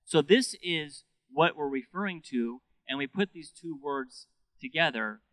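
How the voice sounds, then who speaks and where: A man's voice: a little high, lively intonation, a little slow, a bit bright, dry recording, rough recording. A male pastor preaching a sermon in a conversational, earnest way, often repeating words as he goes.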